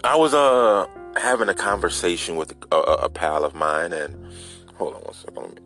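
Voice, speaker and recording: A man hosts a relaxed solo podcast, spinning a loose, wandering story and speaking right to his listeners. His voice sits on the low side but jumps around with lively swings in pitch. Faint music plays in the background. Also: moderate pace. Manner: loose rambling storytelling, addresses listeners as stoners. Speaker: podcast host. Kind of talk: casual solo podcast monologue.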